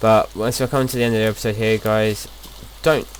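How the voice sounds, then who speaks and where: A man's voice: lowish voice, steady tone, brisk, a little hiss or hum. A young man casually talking through his gameplay as a video host, rambling and chatty, often restarting his sentences.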